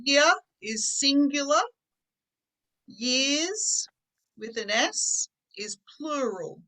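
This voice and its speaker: A woman's voice: high-pitched, expressive, extremely slow, bright, forceful tone, low-quality recording. A woman teaching an online English class, patiently explaining words with simple examples.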